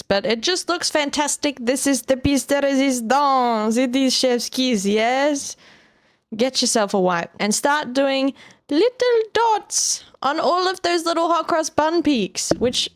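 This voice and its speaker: A young woman hosts an art tutorial, giving a casual voice-over as she draws, recorded in a clean studio with no room sound. Her voice sits high, and she's playful and jokey, chatting to viewers.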